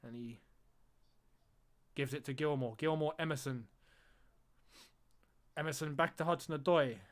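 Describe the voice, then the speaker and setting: A man with a fairly high voice for a man calls a live match from his streaming desk. He chats loosely to his viewers, laughs easily and yelps when something happens on the pitch. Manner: excitable, chatty, quick to laugh and cry out at the action. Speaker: streamer hosting a football watch-along. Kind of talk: live casual match commentary and chat.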